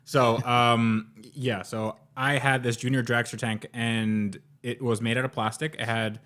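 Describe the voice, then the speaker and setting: A man's voice: mid-range voice, flat delivery, a little slow, a bit bright. A young man hosting a casual car podcast, talking in a rambling, jokey way with lots of fillers and restarts. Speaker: podcast host.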